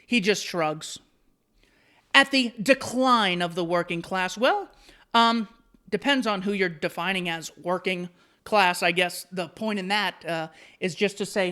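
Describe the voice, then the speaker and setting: A man's voice: high voice, moderate pace, sharp tone. Sarcastic man rebutting an article. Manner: sarcastic, mocking asides. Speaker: commentary host. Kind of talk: solo commentary reading and rebutting an article.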